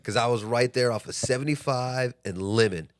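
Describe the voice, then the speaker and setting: A young man from Texas co-hosting a podcast, telling stories in casual chat, swearing freely and acting out the people in them. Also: normal speed. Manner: animated storyteller, swears freely, acts out quotes in a high voice. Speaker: podcast co-host.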